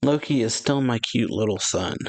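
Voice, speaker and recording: A man reading the lines of a kind, sick woman who runs a tavern, in a gentle, plain way. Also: mid-range voice, expressive, moderate pace, no echo. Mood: tender.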